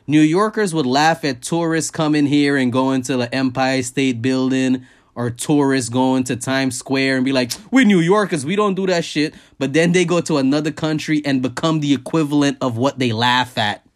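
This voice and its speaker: A man holds forth in a loose, foul-mouthed comic rant, his voice sitting a little above the usual male range. He shoots his pitch sharply upward whenever he wants to stress a point, keeping the talk animated and conversational like a podcast host. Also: normal speed. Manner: profane, animated, jumps high in pitch for emphasis. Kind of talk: casual comedic rant.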